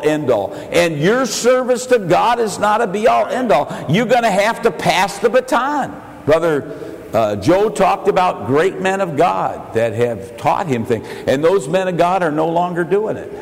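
Slow-preaching older man in a reverberant church. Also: on the high side. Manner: slow, earnest preaching with storytelling and King James quotations. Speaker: pastor. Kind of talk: sermon. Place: church sanctuary. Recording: long hall reverb in a church.

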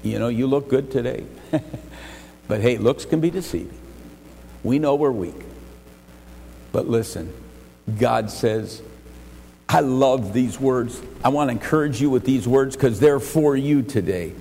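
A man's voice: mid-range voice, unhurried, gravelly, pauses often. Man preaching in a reverberant church. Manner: emphatic, swings between raised exhortation and quiet earnest asides; repeats words and restarts. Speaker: pastor. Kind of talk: sermon. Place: church sanctuary. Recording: long church reverb, faint ambient noise.

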